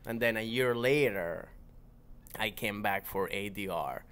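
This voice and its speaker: A young man with a low-set, smooth and resonant voice talks as a guest in a casual interview. He rambles in a relaxed way, restarting his sentences and stacking up fillers. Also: a little slow. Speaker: comedian and voice actor, guest.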